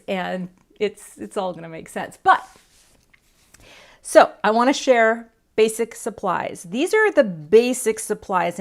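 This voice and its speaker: A middle-aged woman hosting a casual live crafting stream, chatty and self-deprecating, rambling through asides. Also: medium pitch. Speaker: card-making channel host.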